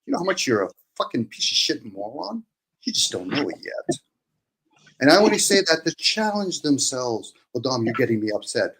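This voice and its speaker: Casting note: man in casual talk, blunt and profane, mid-pitched voice, faint hiss behind. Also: big pitch swings, normal speed, a bit bright, rough recording. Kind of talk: casual opinionated chat.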